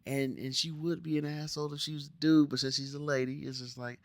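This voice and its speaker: A man's voice: on the high side, little pitch movement, quick pace, no echo. A man from the Cincinnati area with an American accent, ranting bluntly and with plenty of profanity in a casual show review, putting on mock voices. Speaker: TV review vlogger.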